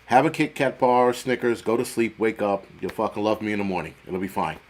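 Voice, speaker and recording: A man's voice: fairly low pitch, fairly even intonation. A middle-aged man hosting a casual livestream, chatting with viewers in a rambling, profane, joking way. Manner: profane, rambling, jokey, quick swings in loudness. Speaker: livestream host. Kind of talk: casual livestream chat reading viewer comments.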